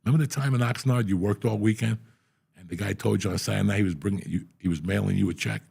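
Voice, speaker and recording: A middle-aged man telling profane, animated stories on a podcast. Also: lowish voice, quick pace, gravelly, breathy edge. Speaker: podcast host. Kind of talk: casual storytelling.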